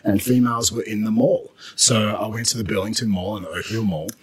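Aussie guy, low husky voice, chatty fitness coach telling a story. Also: fast. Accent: Australian. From Australia. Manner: storytelling, animated and laughing when excited. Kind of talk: casual podcast chat.

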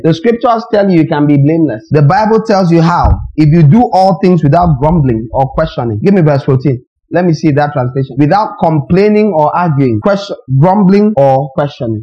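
A man's voice: on the high side, warm tone, dull audio. A man preaching a sermon as a pastor, emphatic and questioning his congregation directly.

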